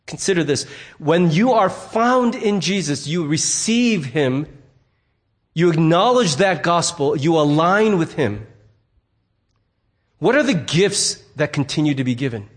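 A male pastor from the United States preaching a sermon in an earnest, emphatic way, with frequent restarts. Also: on the high side.

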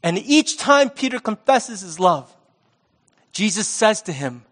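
A male pastor giving a sermon in a conversational, lively manner with sports talk. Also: sits high, a little slow.

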